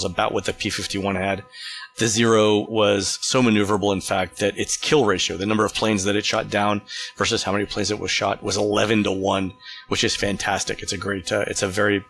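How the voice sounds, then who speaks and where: Man, low voice, casual host, relaxed explainer, faint music behind. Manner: relaxed, with fillers and restarts. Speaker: podcast host.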